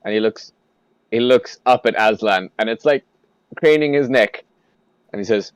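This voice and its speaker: Low-voiced man running a tabletop game. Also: moderate pace, smooth, no echo. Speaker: game master. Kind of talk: narrating a tabletop game and voicing characters.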